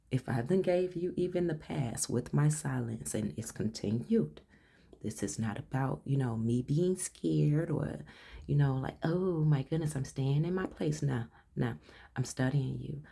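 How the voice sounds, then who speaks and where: A woman giving a casual tarot card reading, blunt and slangy, who swears freely and sometimes swings playfully into a higher voice. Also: gravelly, dark tone, husky. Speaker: tarot reader.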